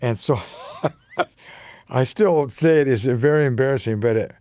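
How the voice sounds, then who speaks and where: A man's voice: medium pitch, a little slow, a little mellow, no echo, clean studio sound. An older man, a musician guest on a community radio show, telling rambling stories and giggling often. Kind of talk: casual radio conversation.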